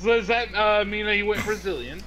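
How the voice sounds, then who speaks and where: A man's voice: high-pitched, moderate pace, a crowd in the background, low-quality recording. A man co-hosting a casual movie podcast, hesitant, searching for names with many ums and swearing casually. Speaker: podcast co-host. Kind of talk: casual movie review chat.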